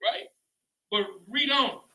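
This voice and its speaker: High, bright, fired-up preacher man. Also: slow pace, poor audio. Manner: emphatic, keeps asking "guess what" and "man". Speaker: lead teacher. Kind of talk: street-preaching Bible class.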